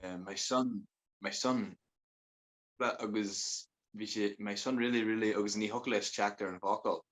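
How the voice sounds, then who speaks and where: Low-voiced man telling rambling stories. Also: steady tone, moderate pace, a bit bright, poor audio. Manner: rambling, switches between Irish and English, laughs often. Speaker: podcast guest. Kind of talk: casual storytelling chat.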